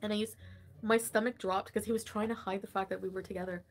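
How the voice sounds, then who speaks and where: A woman's voice: medium pitch, level tone, fast, soft background music. A woman livestreaming in casual, rambling chat, swearing freely and laughing often.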